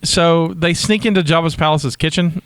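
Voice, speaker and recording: A man's voice: fairly high pitch, normal speed, smooth, dry recording. A man co-hosting a casual podcast, recapping an episode with jokes and the odd silly voice. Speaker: podcast co-host.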